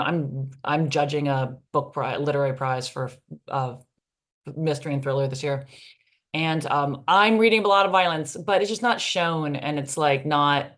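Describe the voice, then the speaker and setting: A woman author answering interview questions candidly, in a rambling way with many fillers. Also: low voice.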